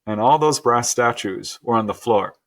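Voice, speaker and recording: Middle-aged man, earnest storyteller, animated, laughs often, average pitch. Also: normal speed. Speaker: guest. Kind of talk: storytelling interview.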